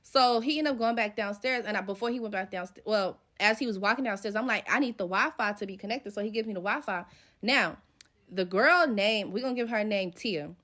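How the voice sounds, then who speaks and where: A young woman tells a story from her own life in casual, profane slang, acting out the dialogue as she goes. Her mid-range voice is fairly bright and a little fast.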